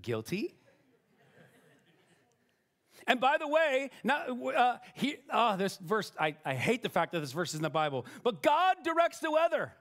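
A man in middle age delivers a sermon from the pulpit, talking to the congregation like friends and tossing in "right?" as he goes. His voice sits high for a man and moves a lot in pitch. He restarts sentences often, laughing at his own faults. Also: sing-song, normal speed, hardly any pauses, a bit bright. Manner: conversational, self-deprecating, frequent restarts and "right?". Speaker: pastor.

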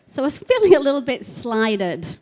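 A woman gives a live expo talk on spiritual healing, telling stories chattily with many "like" fillers. Her voice sits high and is very animated, with a moderate pace and a darkish tone.

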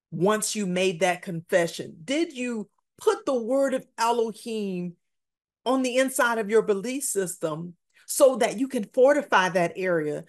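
Brief: woman preacher, slow deliberate delivery, emphatic, repeats lines for weight. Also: medium pitch. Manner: emphatic, repeats key phrases, numbered points. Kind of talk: sermon.

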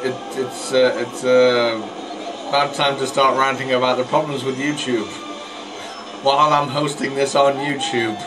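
Over game music, a jokey man gives casual let's play commentary, mocking himself and stumbling over words. His medium-pitched voice holds a level tone at a slightly slow pace, and the recording is rough.

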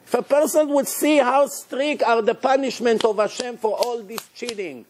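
High-voiced rabbi preaching emphatically. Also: male voice, expressive, unhurried, few pauses, darkish tone. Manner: emphatic, preaching with rhetorical questions; loose, non-standard English grammar. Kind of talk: sermon.

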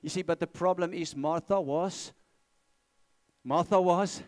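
Pastor preaching, emphatic, repeats himself, slightly higher voice. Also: male voice, unhurried, a little mellow. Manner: emphatic, repeats key phrases, asks the congregation to respond. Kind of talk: sermon. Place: church.

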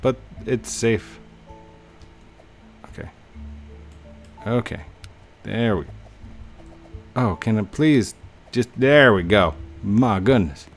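A young man giving casual gameplay commentary, chatting to himself with sudden excited outbursts. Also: fairly low pitch, slow, pauses often, soft background music. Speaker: gaming YouTuber.

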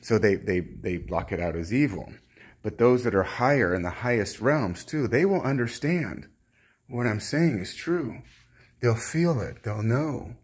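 A man speaking as a self-styled prophet in a rambling religious monologue, fervent and halting, with many restarts. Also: medium pitch, animated, breathy edge.

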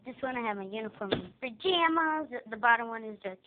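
In her bedroom, a young girl gives a vlog room tour, chattering in a rambling, excitable way with a fairly high voice at a fairly quick clip. The audio is tinny and lo-fi, like it came from a cheap home camera.

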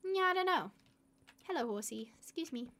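Lively woman streaming a game. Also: sits high, moderate pace. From United Kingdom. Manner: chatty, rambling, reads viewer comments aloud. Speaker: live streamer. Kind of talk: casual live-stream game commentary.

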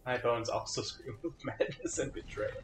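A man's voice: mid-range voice, normal speed, reverberant, slight background noise, poor audio. A man chatting while playing a co-op game, joking, laughing a lot and swearing. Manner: laughs often, swears, playful jokes. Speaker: gamer. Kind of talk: casual gaming chat.

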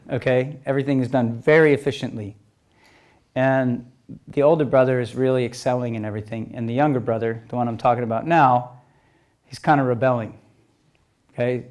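A man's voice: medium pitch, darkish tone. A man giving a conversational storytelling talk, acting out exchanges as dialogue and checking in with his listeners. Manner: keeps checking in with "okay?" and "you know?"; re-enacts exchanges as quoted dialogue. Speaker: speaker telling stories to an audience.

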